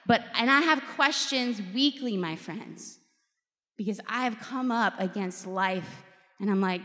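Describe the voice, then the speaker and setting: A woman's voice: on the high side, unhurried. Woman speaker giving a faith talk in a big reverby hall, candid and emotional, laughs a lot. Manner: candid and emotional, laughs often, quotes people in lively voices. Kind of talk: personal faith talk to a live group.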